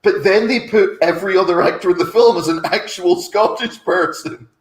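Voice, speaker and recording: A man's voice: sits high, echoey room, poor audio. A man co-hosting a comedy podcast, riffing on silly film ideas and laughing often. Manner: riffing, quick laughs, acts out bits. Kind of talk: casual comedic chat.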